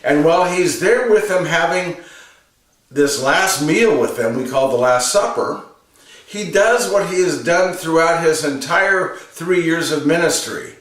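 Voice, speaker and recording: A man's voice: a little high, lively intonation, a little slow, fairly bright tone, recorded from a distance. Earnest man preaching in an echoey room. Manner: earnest, repeats phrases for emphasis. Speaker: religious reflection presenter. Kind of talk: homily.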